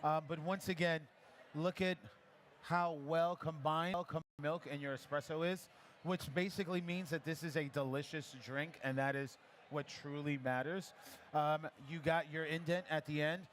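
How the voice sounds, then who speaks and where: Brief: male barista instructor, slightly high voice, chatty encouraging coach, live festival demo. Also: fairly even intonation, fairly bright tone, slight background noise. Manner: encouraging, chatty, gives quick pouring cues. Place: coffee festival demo area.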